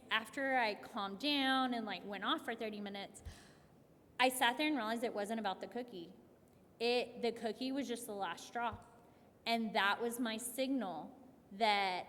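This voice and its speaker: A woman clinician giving a conversational workshop talk to families, telling stories in a lively way with frequent restarts. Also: medium pitch. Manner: conversational, animated storytelling with many restarts and "like". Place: event hall. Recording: long hall reverb.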